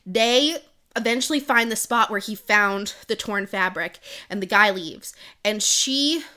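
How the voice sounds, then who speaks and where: A young woman chats through a book's plot on a podcast, rambling and leaning hard on "like". Her voice is bright and clear, sitting in an ordinary middle pitch. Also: animated, unhurried. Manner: rambling retelling full of "like". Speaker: podcast co-host. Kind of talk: casual book-recap chat.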